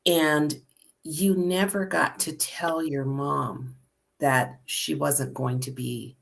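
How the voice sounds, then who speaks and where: A woman interviewing an author and asking her question slowly and haltingly. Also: low-pitched, steady tone, gravelly.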